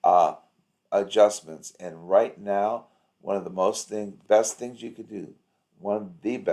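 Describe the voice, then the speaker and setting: A man with a very low voice talks through a video call. He coaches in a loose, rambling way, piling up anecdotes and upbeat encouragement. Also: mellow. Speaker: practice coach. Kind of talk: casual coaching chat.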